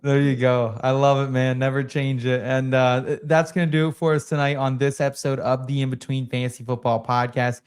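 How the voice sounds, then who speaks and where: A man hosting a sports podcast, moving things along and signing off in an upbeat way. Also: medium pitch. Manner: upbeat, scripted sign-off. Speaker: podcast host.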